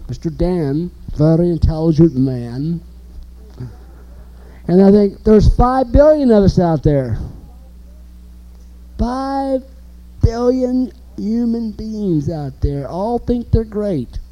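An animated man preaching an informal sermon, his voice dark and mellow. His pitch swings widely as he drives points home with emphasis. He keeps asking the listeners questions. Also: low-quality recording.

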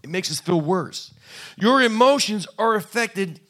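A man's voice: sits high, expressive, a little slow, fairly bright tone. A man preaching a sermon in a conversational, folksy way, acting out little quoted exchanges. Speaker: pastor.

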